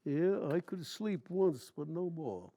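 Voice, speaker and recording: A man's voice: fairly high pitch, animated, takes it slowly, mellow. A man in his nineties, a war veteran, telling long stories from memory in plain, rambling, colloquial speech during an interview. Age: 90s.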